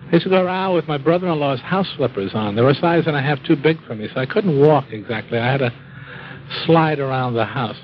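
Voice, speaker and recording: A man's voice: mid-range voice, expressive, fast talker, dull audio. A man telling his own drinking story in a folksy, wry way, acting out what people said. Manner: wry, self-mocking humor; folksy, acts out quoted speech. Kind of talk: storytelling talk.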